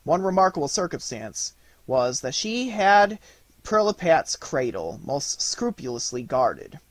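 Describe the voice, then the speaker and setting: A man narrating a classic storybook aloud in an expressive, lively way. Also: medium pitch, no room sound. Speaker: audiobook narrator.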